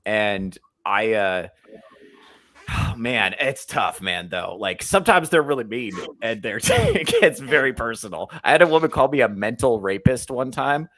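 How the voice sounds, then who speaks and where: Male comedian host, casual and profane, bright voice, swings widely in pitch. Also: a little slow, dry recording. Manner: animated, laughing, swearing freely. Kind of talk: casual chat.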